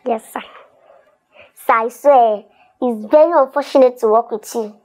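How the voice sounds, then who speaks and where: An actress playing a timid young house maid who speaks with a Nigerian Pidgin accent, hesitant and deferential. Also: female voice, a little high, normal speed, a little mellow, natural voice. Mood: pleading.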